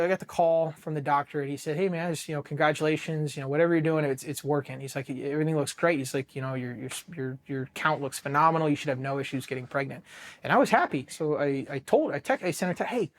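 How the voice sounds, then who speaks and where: A man's voice: a little high, fast. A man in his thirties from Ohio with an American accent, recounting his own story as an interview guest in a blunt, profane way, with many restarts and lines of quoted dialogue. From Ohio, United States. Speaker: Marine veteran guest.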